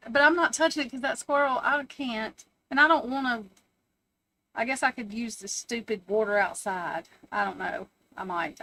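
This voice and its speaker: A woman's voice: mid-range voice, sharp tone. A woman hosting a casual live stream from home, chatting, swearing freely, laughing often and answering her chat.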